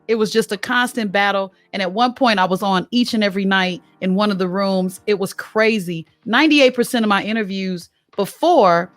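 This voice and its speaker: A woman hosting a podcast interview, talking in a lively, chatty way and laughing often. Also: mid-range voice, normal speed, hardly any pauses, dry recording, soft background music. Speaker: podcast host. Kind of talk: casual interview chat.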